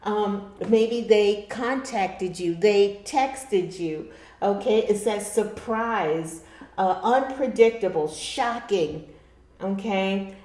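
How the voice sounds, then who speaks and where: She speaks slowly, in a mid-range voice with a darkish tone, giving a chatty tarot reading in an echoey room. Laughing often, the woman keeps addressing her viewers as darlings.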